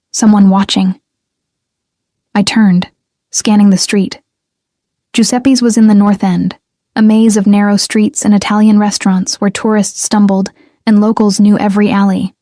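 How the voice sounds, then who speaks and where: A young woman narrates a first-person story in a measured, restrained way. Her voice is mellow and dark, and her pitch stays very level. The sound is dry and close. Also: flat delivery, no room sound.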